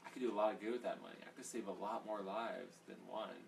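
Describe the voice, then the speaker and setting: A man's voice: on the low side, fairly even intonation, fast talker, gravelly. A man teaching a casual Bible study in a rambling, conversational way, full of fillers. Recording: distant mic, faint background noise.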